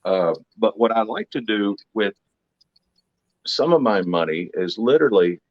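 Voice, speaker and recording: A man's voice: lowish voice, expressive, measured pace, highs cut off. A man, a comedy hypnotist, telling jokes and stories in casual chat as a guest. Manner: wisecracking storyteller.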